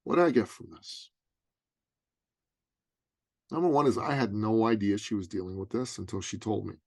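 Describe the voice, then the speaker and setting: A middle-aged man, a business coach interviewed as a guest, telling a story with animated, dramatic emphasis. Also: on the low side, moderate pace, vocal fry, no room sound.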